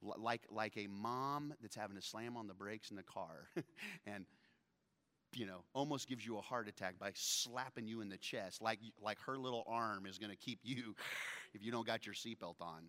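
A man's voice: on the low side, moderate pace, bright, forceful tone, big-room sound. A man preaching a sermon in a joking, conversational way, laughing often between lines. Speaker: pastor.

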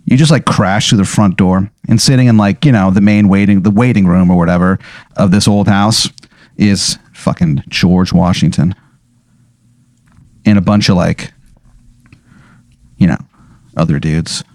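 A man's voice: sits low, steady tone, measured pace, long pauses, a little mellow, no echo, clean studio sound. A man narrating an improvised comedic game scene in a casual, profane, rambling way with many fillers. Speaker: game master.

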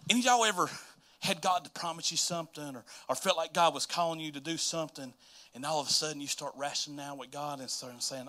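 Man, pastor, lilt, bright higher-pitched voice, chatty sermon delivery with quick restarts. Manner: conversational preaching, quick repetitions and restarts.

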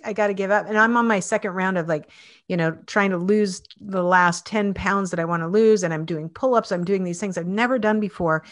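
A woman's voice: lowish voice, brisk. A woman in her fifties hosting a casual interview, chatty and full of restarts. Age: 50s. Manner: chatty, many restarts and fillers. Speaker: host.

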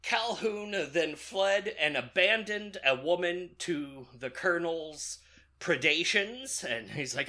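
A man with a bright, fairly high voice recaps a film for a podcast. His retelling is loose and jokey, full of "like" and "uh," restarts and little laughs at his own jokes. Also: expressive, slow. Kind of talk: casual movie recap chat.

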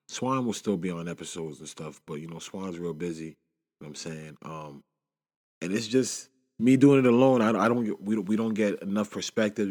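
A man in his twenties talks alone into his podcast mic, his voice sitting on the low side. He rambles in a loose, shaken way and leans constantly on filler phrases. The room behind him rings with a long, hollow reverb. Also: a little mellow. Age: 20s. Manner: rambling, constant "you know what I'm saying" fillers. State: shaken and upset. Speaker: podcast host. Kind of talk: casual solo monologue.

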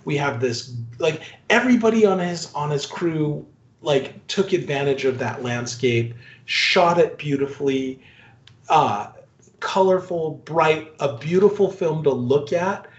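A man's voice: on the high side, animated, unhurried. A man co-hosting a casual movie review chat, ranting profanely and laughing often. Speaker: podcast co-host. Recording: echoey, dull lo-fi room sound.

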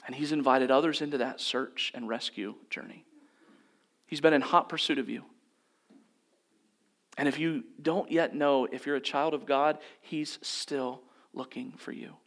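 A man's voice: medium pitch, steady tone, unhurried, fairly bright tone. A man preaching a sermon as a pastor, speaking earnestly with repeated rhythmic phrases at a church service. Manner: earnest, repetitive preaching cadence. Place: church service, also streamed online.

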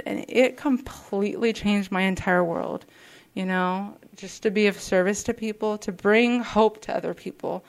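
A woman sharing her story at a twelve-step meeting, earnest and chatty. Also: medium pitch. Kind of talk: personal share at a support meeting. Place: meeting room.

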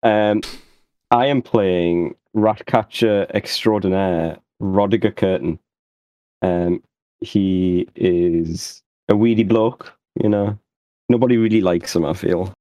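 A man at a tabletop game rambles through a jokey introduction. His voice is low and mellow. The sound is dry and close. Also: steady tone, slow, dry recording, lo-fi sound. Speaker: player. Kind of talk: casual tabletop game chat.

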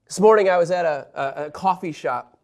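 A man teaching a Bible lesson in a sermon style, animated, telling stories and moving between loud emphasis and quiet asides. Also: high-pitched, a little fast.

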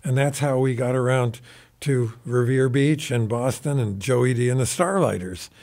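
Older male guest, unhurried raconteur. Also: mid-range voice, darkish tone. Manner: rambling anecdotal, mimics quoted voices. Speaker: guest musician. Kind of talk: casual storytelling.

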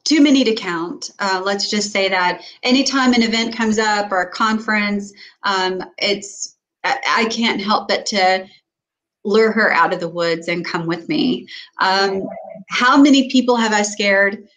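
A woman's voice: mid-range voice, a little slow, fairly bright tone, rough recording. A woman co-hosting a casual talk show, telling stories with lots of fillers and restarts. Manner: storytelling with many fillers and restarts. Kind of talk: casual chat.

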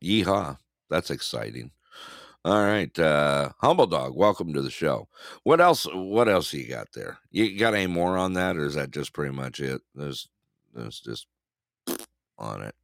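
A very low, gravelly male voice with a lively, swooping pitch. He talks slowly and easily, co-hosting a casual live news show and greeting viewers in the chat. The sound is close and dry. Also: dry recording. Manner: laid-back, chuckling, greets chat viewers. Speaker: co-host.

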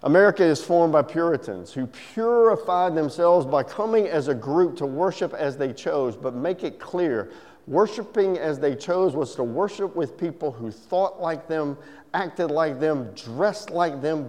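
A man preaching a sermon, telling jokes and then slowing into a solemn delivery. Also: fairly high pitch, animated, a little mellow. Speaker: pastor. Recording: echoey hall reverb.

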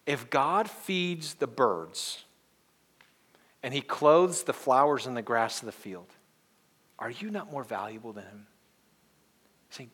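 There's a breathy edge to this male pastor's medium-pitched voice, and his intonation is lively as he preaches earnestly at a moderate pace. He swings between quiet and emphatic delivery and leads call-and-response with the congregation.

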